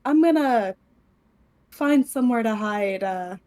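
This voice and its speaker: A woman playing her character in a tabletop game, who talks in a quick, practical, decisive way. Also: fairly high pitch, expressive, darkish tone. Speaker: player.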